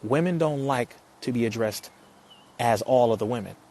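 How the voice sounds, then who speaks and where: A man from Compton, California, talking casually on a live stream, reading out where viewers are from and giving them shout-outs, with frequent laughter and loud outbursts. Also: mid-range voice, normal speed. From United States (Compton, California). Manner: lively, reads out viewers' locations and gives shout-outs.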